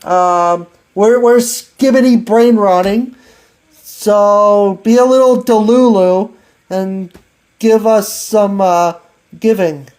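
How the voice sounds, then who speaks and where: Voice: medium pitch, fairly even intonation, takes it slowly, darkish tone. A podcast host in their thirties chatting casually, teasing playfully with slang and filler words. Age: 30s. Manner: slangy and playful, with lots of fillers and laughing asides.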